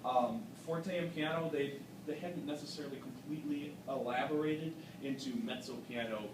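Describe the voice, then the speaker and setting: A man with a somewhat high voice gives an encouraging masterclass critique, explaining things patiently and pausing on "um"s. He is picked up from across an echoey recital room. Steady background noise sits under his voice. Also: distant mic. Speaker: vocal adjudicator.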